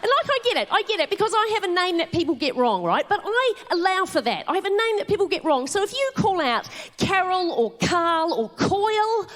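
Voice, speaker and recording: A New Zealand woman in her forties performs live stand-up on a theatre stage, spinning swearing anecdotes in a high, bright register. Her pitch swoops widely as she acts out scenes, with stage-mic presence. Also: fairly quick, hardly any pauses. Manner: animated storytelling with swearing and laughter. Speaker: stand-up comedian.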